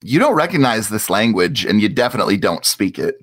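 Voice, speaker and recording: A man narrating as game master of a tabletop game, describing scenes slowly with searching fillers. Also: fairly low pitch, big pitch swings. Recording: loud music underneath.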